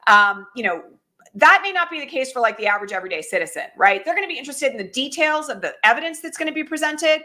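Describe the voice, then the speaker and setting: A woman's voice: sits high, animated, quick pace, sharp tone. A middle-aged woman hosting a political livestream, talking urgently and directly and asking the audience rhetorical questions. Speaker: political commentator and host. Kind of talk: livestream commentary.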